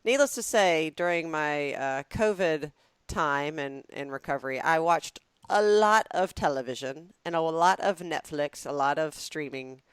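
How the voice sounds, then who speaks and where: A woman's voice: low-pitched, unhurried, clean tone, no echo. Southern woman podcast co-host, dry playful wit, close dry mic. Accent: Southern American. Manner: dry, playful teasing with comic build-ups. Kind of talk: casual comedic chat. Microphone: podcast microphone.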